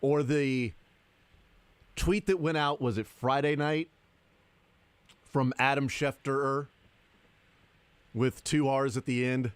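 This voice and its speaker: A man hosts a sports talk radio show with a sarcastic, deadpan delivery. His voice sits at an ordinary middle pitch. The studio sound is close and dry, with no room echo. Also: takes it slowly, pauses often, smooth. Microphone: studio microphone.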